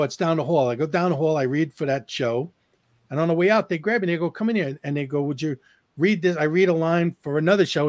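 A man with a slightly high voice, an actor, tells audition stories with eager energy in a podcast chat. He stumbles over himself with repeated starts. The sound is dry and close, with no room around it. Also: darkish tone, no room sound. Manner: eager storyteller with frequent repeated restarts.

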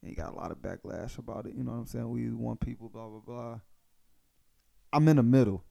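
Gravelly laid-back male podcast host. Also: mid-range voice, a little fast, dark tone, no room sound. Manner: laid-back, drawling, slangy. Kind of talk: casual chat.

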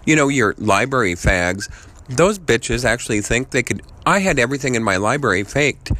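A man leaving a voice message, ranting angrily, swearing constantly and jumping from idea to idea, his voice repeatedly jumping higher and louder. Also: lively intonation, normal speed. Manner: angry, swearing constantly, jumping between ideas; voice repeatedly jumps higher and louder mid-rant. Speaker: voice message sender. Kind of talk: profane rambling rant.

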